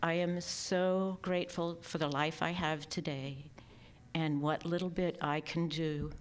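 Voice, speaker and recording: Low-voiced woman, soft and emotional. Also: steady tone, unhurried, clear, resonant tone. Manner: soft and emotional, partly whispered. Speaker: speaker at a memorial gathering. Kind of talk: personal remembrance speech.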